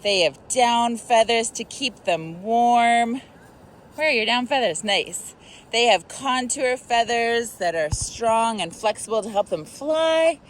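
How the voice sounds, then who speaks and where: A woman hosting a kids' online lesson, upbeat and encouraging as she talks to children. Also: a little high. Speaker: lesson host.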